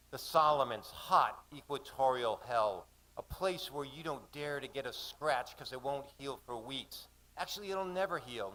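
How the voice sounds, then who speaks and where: A man's voice: medium pitch, pushed and bright, rough recording. A man reading his own seafaring story aloud at a cafe poetry event, vivid narration with voiced dialogue.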